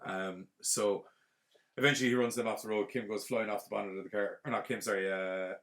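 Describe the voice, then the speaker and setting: A man's voice: fairly low pitch, brisk. Rambling man recapping a film. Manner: rambling, animated retelling with fillers. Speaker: podcast host.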